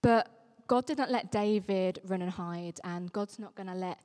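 A woman's voice: mid-range voice, unhurried, a little mellow. A woman vicar giving an earnest, emphatic sermon. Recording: long reverberant hall sound.

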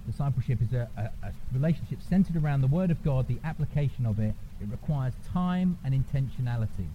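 Speaking quickly and expressively in a medium pitch, a man from England delivers a conversational sermon and casually checks in with the people listening. The church recording is noisy and lo-fi.

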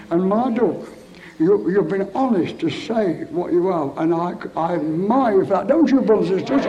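A high-pitched but mellow man preaches with fervour at a revival meeting. He pleads and coaxes his flock emotionally, stumbling over repeated starts as the feeling runs ahead of his words. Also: poor audio.

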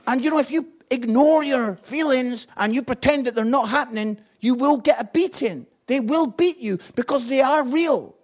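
A man preaching a sermon, impassioned, swinging between hushed lines and loud ones. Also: extremely high pitch, moderate pace, few pauses.

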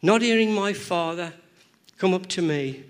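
Slightly high-voiced male preacher, repeating for emphasis. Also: unhurried. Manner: repeats words and phrases, rhythmic, emphatic. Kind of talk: sermon. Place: church.

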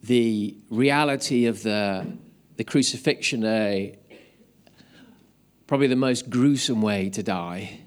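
A man's voice: fairly low pitch, slow pace, long pauses. A man preaching to his church on Easter morning, telling a joke and then reading scripture aloud in a casual manner. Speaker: pastor. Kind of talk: sermon.

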